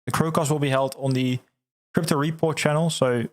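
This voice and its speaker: Excitable man chatting on a livestream. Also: on the high side, brisk. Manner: excitable, laughs often, repeats words. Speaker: livestream host. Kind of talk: casual livestream chat reading viewer comments.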